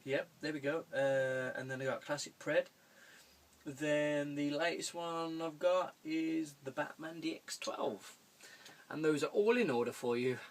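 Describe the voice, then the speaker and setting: A man's voice: fairly high pitch, unhurried. A young man chatting through viewer questions in a rambling way, chuckling often and swearing casually. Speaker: vlogger answering viewer questions. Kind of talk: casual Q&A video. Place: room at home.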